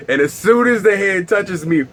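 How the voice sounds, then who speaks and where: A young man telling a wild story on his vlog in a casual, animated way, swearing and bursting into loud exclaims. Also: high voice, normal speed, slight background noise. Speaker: vlogger.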